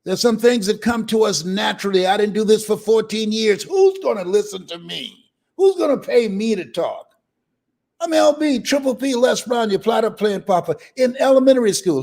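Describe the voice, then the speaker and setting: A man's voice: sits high, animated, moderate pace, gravelly, darkish tone. An older man giving a live motivational speech, emphatic and preacher-like, repeating phrases and breaking into hearty laughs. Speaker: motivational speaker.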